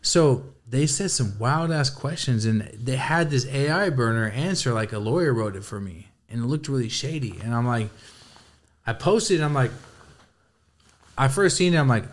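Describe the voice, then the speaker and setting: A man in casual podcast talk at a middle pitch, telling his story with animated energy. His speech is loaded with slang and swearing, and he acts out his own reactions as he goes. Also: brisk. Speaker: podcast guest. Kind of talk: casual chat.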